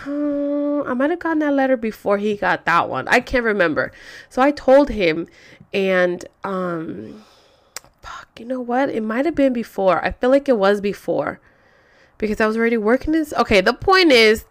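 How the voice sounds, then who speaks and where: A woman's voice: medium pitch, no room sound, studio quality. A young woman telling a personal story to her viewers in casual talk, swearing often and acting out what people said. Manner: profane, animated, acts out quotes.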